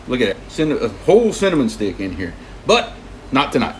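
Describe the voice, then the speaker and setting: A man's voice: medium pitch, huge pitch swings, brisk, slight background noise. Joking man cooking on a stream. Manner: joking, easygoing, tells jokes. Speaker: livestream host. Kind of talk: casual live stream chat while cooking. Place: home kitchen.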